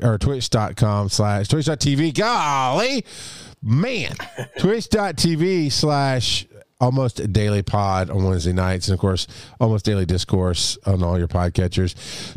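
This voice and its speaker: A man's voice: medium pitch, clear, resonant tone, no room sound, studio quality. A man co-hosting a podcast in casual, upbeat chat, laughing often as he signs off. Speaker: podcast co-host.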